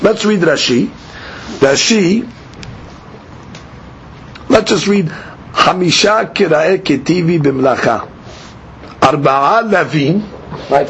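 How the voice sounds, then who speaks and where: A man's voice: sits high, muffled recording, slight background noise. A man teaching a study class, explaining step by step and posing and answering his own questions.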